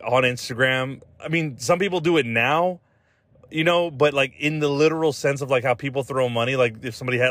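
Recorded with no echo, this mid-range male voice belongs to a podcast host swearing freely through a relaxed, meandering conversation. He keeps reaching for "like" and "dude," starts over and trails off, and cracks himself up.

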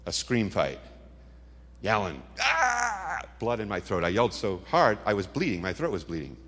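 A man's voice: sits low, very animated, moderate pace, a bit bright. A middle-aged man giving a dramatic testimony sermon, telling stories with punchy asides. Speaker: Christian speaker. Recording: long hall reverb.

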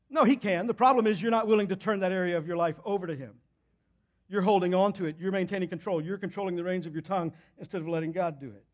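A fast-talking male pastor with a high voice preaches a church sermon. He emphasizes and repeats his key points, his delivery swinging between loud and hushed.

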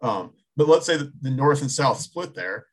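A man's voice: mid-range voice, lively intonation, normal speed, husky. A man in his thirties co-hosting a casual sports talk show, thinking aloud with many restarts.

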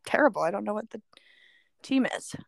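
A woman's voice: mid-range voice, lively intonation, fairly quick, creaky, no echo, clean studio sound. A woman co-hosting a casual podcast chat, easygoing and self-deprecating, with frequent giggles. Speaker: podcast co-host.

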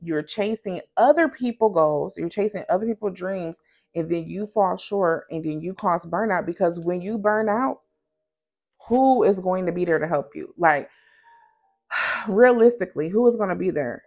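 A woman's voice: on the low side, normal speed, a little mellow. A woman who runs a small business and hosts a podcast, talking frankly and conversationally, straight to her listeners. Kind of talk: candid motivational talk.

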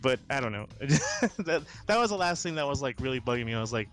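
A man's voice: mid-range voice, expressive, fast talker, a bit bright. A man in a mid-range voice co-hosting a casual film-review podcast. He keeps questioning plot choices and trails off and restarts as he talks. Faint music plays behind him. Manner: questioning, hesitant, many restarts and laughs. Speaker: podcast co-host.

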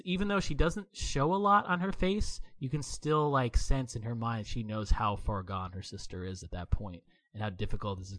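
A man co-hosting a podcast, discussing a film in a measured, hesitant way. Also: medium pitch, fairly bright tone, dry recording. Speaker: podcast co-host.

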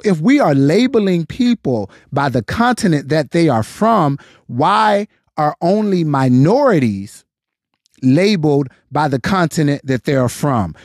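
Forties American man, passionate and rhetorical, fairly high voice. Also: a little mellow, no echo, studio quality. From United States. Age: 40s. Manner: passionate, rhetorical, many questions. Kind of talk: casual opinion commentary.

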